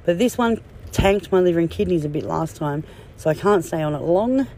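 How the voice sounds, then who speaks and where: A woman's voice: on the low side, animated, brisk, warm tone. Woman vlogging off her phone, blunt and sweary, cracking jokes, bit of street noise behind. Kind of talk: casual vlog chat. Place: in a car and outside a clinic.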